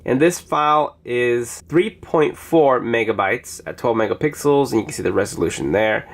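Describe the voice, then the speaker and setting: A man's voice: mid-range voice, lively intonation, normal speed. A man casually reviewing phone apps, chatty as he demonstrates each one on screen. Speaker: app reviewer. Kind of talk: casual app review narration.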